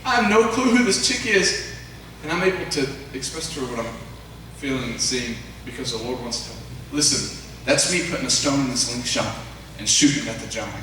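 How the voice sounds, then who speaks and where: A man preaching a revival sermon in a church, telling stories with animated energy and talking straight to the congregation. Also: mid-range voice, moderate pace, distant mic, a little hiss or hum. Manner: animated storytelling, addresses congregation directly. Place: church sanctuary. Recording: very echoey church sound from afar.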